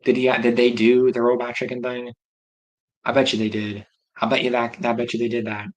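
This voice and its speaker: A livestream host chats casually and rambles while reacting aloud to viewer comments. His medium-pitched voice is monotone and brisk, captured in a low-quality recording.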